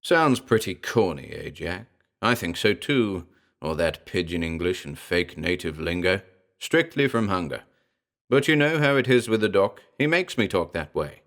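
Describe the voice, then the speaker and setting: A man voicing a gruff male gorilla in a storybook reading, talking in broken pidgin and then in slangy tough-guy wisecracks. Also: deep voice, big pitch swings, moderate pace, a bit bright, exaggerated voice. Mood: wisecracking.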